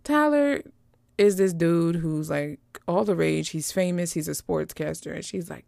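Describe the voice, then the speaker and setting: A woman host giving casual, animated commentary on holiday movies, joking and slangy. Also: lowish voice, unhurried, vocal fry, dry recording.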